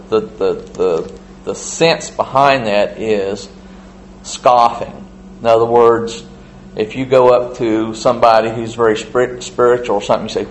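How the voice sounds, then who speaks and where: A man reading scripture aloud and explaining it in plain, halting asides, as in a Bible study. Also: medium pitch, a little hiss or hum, rough recording. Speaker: Bible teacher.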